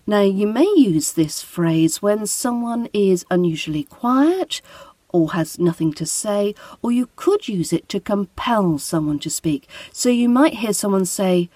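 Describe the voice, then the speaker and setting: A woman with a British RP accent teaching English pronunciation, modeling phrases clearly for the listener to repeat. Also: mid-range voice, animated, measured pace, dark tone, dry recording. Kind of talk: pronunciation lesson.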